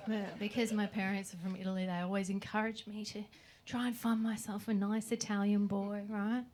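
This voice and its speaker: A woman's voice: mid-range voice, little pitch movement, normal speed, background noise. A young woman doing a stand-up set in a comedy club, brash and sweary, tossing "right?" into every bit. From Australia. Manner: brash, sweary punchlines with frequent "right?" asides. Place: comedy club stage with audience.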